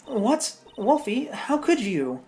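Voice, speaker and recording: A woman voicing an excitable young female thief from a game, bright and raised in pitch. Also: slow, a little hiss or hum, full character voice. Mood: perky.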